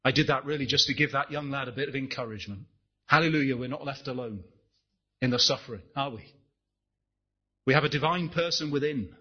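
A man's voice: mid-range voice, brisk, husky, highs cut off. A man preaching a sermon, impassioned, rising and falling, asking the congregation rhetorical questions.

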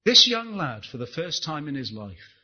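A man's voice: mid-range voice, expressive, normal speed, husky. Impassioned preacher man, muffled recording. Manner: impassioned, rising and falling delivery with rhetorical questions. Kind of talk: sermon.

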